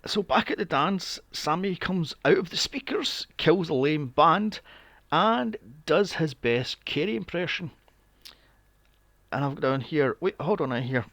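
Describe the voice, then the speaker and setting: A man's voice: fairly high pitch, expressive, a little slow, a bit bright, dry recording. A young man recapping a film on a podcast, sarcastic and swearing freely with mocking asides. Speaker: podcast co-host. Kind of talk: casual movie recap chat.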